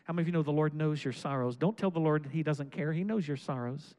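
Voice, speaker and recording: Male pastor, high voice, reads scripture and then exhorts loudly. Sermon delivery. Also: quick pace, poor audio. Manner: preaching with rising, shouted exhortations.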